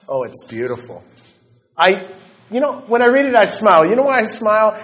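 A man preaching a sermon, dropping to soft, slow assurances and then building to fervent, rising declarations. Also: high voice, sing-song. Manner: swings between soft, slow, intimate passages and rising, fervent ones. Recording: dull lo-fi recording.

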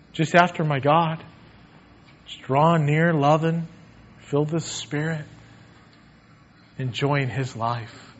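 A man preaching a sermon in a church sanctuary and leading a prayer, earnest, swinging between emphatic lines and hushed ones. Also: fairly high pitch, muffled recording.

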